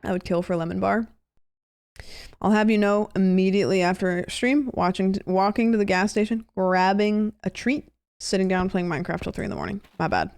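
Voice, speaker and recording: A woman's voice: medium pitch, animated, brisk, a little mellow, smooth. A young adult woman streaming a horror game, joking casually and reading the game text aloud. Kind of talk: casual gameplay commentary.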